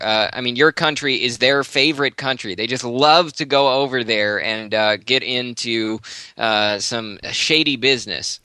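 A man's voice: medium pitch, sharp tone, smooth, dry recording. A man hosting a casual interview, who stammers and repeats his words as he asks questions. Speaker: host.

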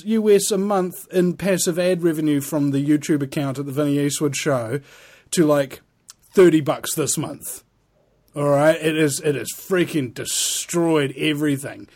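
A man's voice: fairly high pitch, fairly even intonation, moderate pace, darkish tone. Rambling man hosting talk radio. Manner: rambling, earnest appeals with many fillers. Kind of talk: casual radio monologue.

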